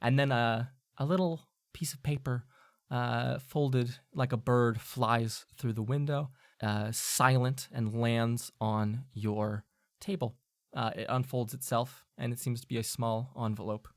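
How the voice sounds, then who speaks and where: A game master narrating a tabletop game, talking in a halting way with many fillers and theatrical flourishes. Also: medium pitch, fairly even intonation, no room sound, studio quality.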